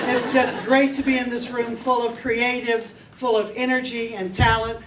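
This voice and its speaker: A woman heading an arts council, giving an upbeat, enthusiastic welcome speech. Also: a little high. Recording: echoey hall from far off, crowd and noise.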